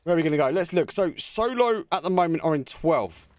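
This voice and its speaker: A man casting a live esports match as a community caster, chatty and excitable, talking to viewers between plays. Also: on the high side, a little fast, no echo. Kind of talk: live community game commentary.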